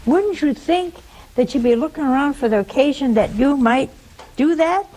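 A woman's voice: high-pitched, expressive, moderate pace, warm tone. A woman preaching a sermon, telling a story in a conversational way and asking the audience rhetorical questions.

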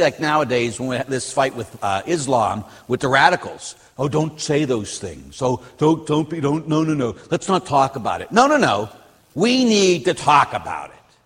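A man, a Catholic priest, giving an informal sermon in a church, lively and acting out the people he quotes. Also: a little high, slightly rough, big-room sound. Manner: animated, acts out quotes with voices. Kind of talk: casual sermon.

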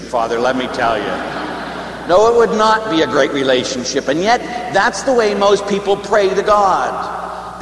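Joking priest in an echoey church. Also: male voice, on the high side. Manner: conversational, joking storyteller. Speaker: Catholic priest. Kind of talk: sermon. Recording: echoey church with long reverb, faint hum.

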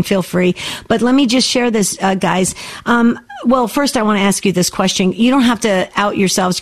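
A woman hosting a call-in show, affectionate and encouraging with her callers. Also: medium pitch. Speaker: radio host. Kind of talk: call-in radio talk.

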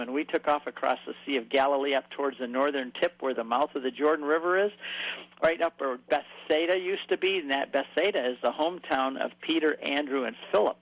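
A man telling a vivid travel story in conversation, voicing quoted people in a higher pitch. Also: dull audio. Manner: animated storyteller, raises pitch for quoted voices.

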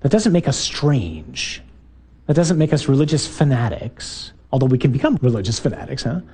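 A man, a priest, giving an emphatic, animated talk to a parish group, full of rhetorical questions and punchy repeated lines. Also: medium pitch, moderate pace, slightly rough.

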